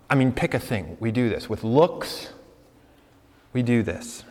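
A young man preaching a sermon in a conversational way, asking the congregation questions and laughing along with them. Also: mid-range voice. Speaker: pastor. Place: church hall with congregation. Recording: long hall reverb.

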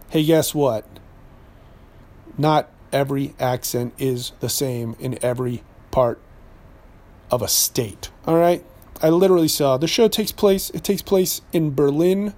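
A man from New Hampshire hosting a podcast, ranting in a sarcastic, animated way, often stumbling and correcting himself as he goes. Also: medium pitch, unhurried. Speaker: podcast host and voice actor.

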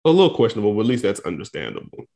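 Lively teasing man podcaster. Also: fairly low pitch, racing, vocal fry. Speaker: podcast co-host. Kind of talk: casual sports podcast chat.

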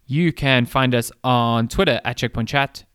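A man's voice: mid-range voice, unhurried, a bit bright, clear, resonant tone, no room sound, studio quality. A man co-hosting a casual podcast chat, laid-back, swearing casually and trailing off mid-thought. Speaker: podcast co-host.

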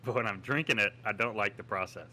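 A man's voice: lowish voice, quick pace, bright, forceful tone, a little hiss or hum. A man in a casual beer tasting chat, blunt and laughing as he complains.

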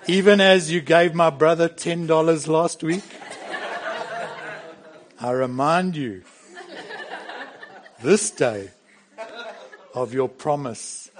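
A man's voice: on the high side, slow pace, pauses often, a faint crowd. A man doing a child's stiff formal plea. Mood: mock-solemn. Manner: mock-solemn, laughing through it. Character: child pleading with dad in stiff, churchy formal prayer-speak.

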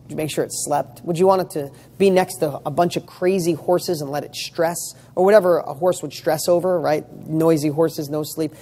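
Steady in tone and dark in timbre, this voice on the high side moves at normal speed with hardly any pauses. The man is a motivational coach for real estate students, speaking emphatically, asking rhetorical questions and swearing casually.

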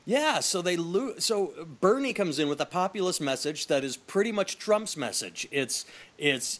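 A man's voice: fairly high pitch, big pitch swings, normal speed, a bit bright. A man in his thirties hosting a podcast, telling stories in a wry, chatty way. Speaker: podcast host. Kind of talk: casual podcast chat.

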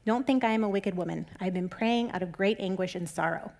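A woman's voice: medium pitch, quick pace, gravelly, darkish tone, pitched below the performer's own voice, lightly acted. Woman reading a sad young wife from a bible story, pleading.

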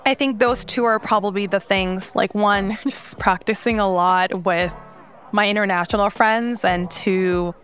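A young woman whose first language is Korean speaks with a light Korean accent in a relaxed interview. She talks freely, leans on fillers and laughs between thoughts. Faint music plays under her voice. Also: medium pitch, measured pace. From South Korea. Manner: chatty, many fillers, laughs often. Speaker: startup founder, interview guest. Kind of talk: casual interview talk.

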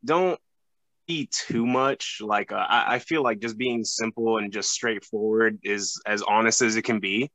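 Young man, podcast guest, casual chat, lots of fillers, forceful tone. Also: fairly low pitch, steady tone, no echo, low-quality recording. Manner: halting, many fillers and restarts.

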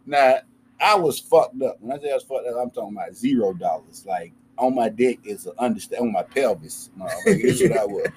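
A young man, telling a profane, animated story in casual chat with friends. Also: fairly quick, slight background noise. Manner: animated, profane, acts out quotes with big pitch jumps.

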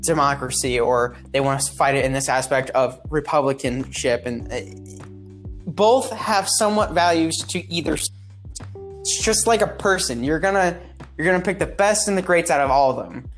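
A man's voice: fairly high pitch, moderate pace, soft background music. A man appearing as a podcast guest, talking casually in a rambling, opinionated way and often restarting his sentences. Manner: rambling, opinionated, self-interrupting.

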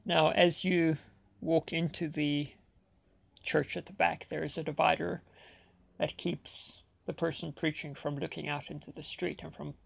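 Gravelly, husky man telling a story. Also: fairly high pitch. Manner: dramatic storytelling with acted-out dialogue. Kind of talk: personal anecdote told dramatically.

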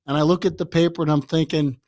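A man in his sixties from the Chicago area, telling stories as a podcast guest in a lively way, often laughing and repeating words. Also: fairly high pitch, fast, no echo, clean studio sound. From Chicago area, USA. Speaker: guest, author. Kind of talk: anecdotal storytelling in a podcast interview.

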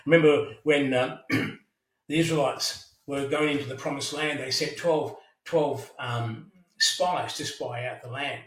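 A man's voice: mid-range voice, steady tone, measured pace. Earnest preacher man with stammering restarts. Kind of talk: sermon. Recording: echoey room, mic at a distance.

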